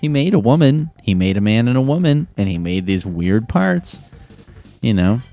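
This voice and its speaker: Comedic advice host, young man, profane deadpan-sarcastic delivery, dark mellow tone. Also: medium pitch, normal speed, soft background music.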